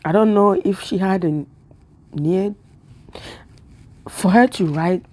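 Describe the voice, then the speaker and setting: A woman's voice: medium pitch, takes it slowly, a little mellow. A woman vlogger giving an emotional spiritual monologue, talking in a repetitive, preacher-like way and close to tears. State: tearful.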